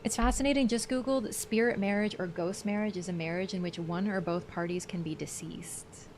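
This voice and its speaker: A woman's voice: mid-range voice, fairly even intonation, a little fast, a little mellow, slight background noise. A woman streaming a game, chatting casually with her viewers and laughing often. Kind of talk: casual live-stream chat.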